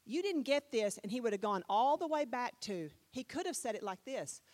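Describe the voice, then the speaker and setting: A woman's voice: a little high, lively intonation, moderate pace, a little mellow. A woman preaching a sermon in a playful way, repeating phrases for emphasis. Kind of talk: sermon teaching.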